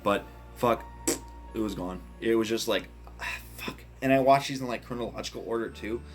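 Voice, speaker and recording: Blunt, excitable man ranking horror films. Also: lowish voice, brisk, faint music behind. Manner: blunt, excitable, swears often, many restarts. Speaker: movie reviewer. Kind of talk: casual film ranking monologue.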